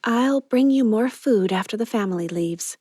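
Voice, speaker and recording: A woman reading an audiobook, voicing an earnest, idealistic young woman who speaks softly and sincerely. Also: a little high, animated, normal speed, no room sound, clean studio sound, pitched above the performer's own voice. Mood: hopeful. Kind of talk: audiobook character voice.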